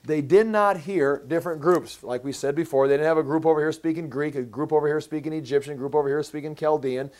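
A man with a high, light voice for a man preaches a sermon, walking through a scripture passage. He explains each point emphatically and slows right down on the words he wants to land. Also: darkish tone. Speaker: pastor. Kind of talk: sermon, verse-by-verse Bible teaching.

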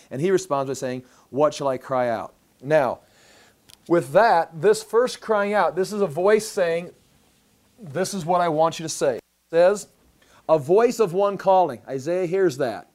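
A man's voice: fairly high pitch, animated, moderate pace, a little mellow. A man teaching a Bible passage as a pastor, in a conversational way, often repeating words as he restarts and reading scripture aloud.

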